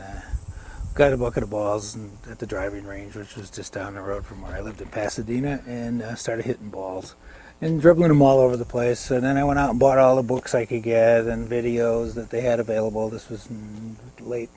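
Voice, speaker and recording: A man's voice: lowish voice, mellow, slight background noise. An older American man telling rambling golf stories in a casual interview, chuckling now and then. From United States. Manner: rambling anecdotal storyteller with chuckles.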